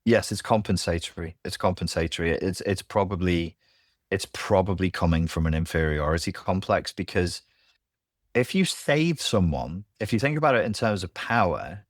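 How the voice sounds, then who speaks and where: A man speaking as a podcast guest in a candid conversation, blunt and animated, who swears freely. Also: deep voice, moderate pace, dry recording, clean studio sound. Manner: blunt and animated, swears, acts out quoted voices.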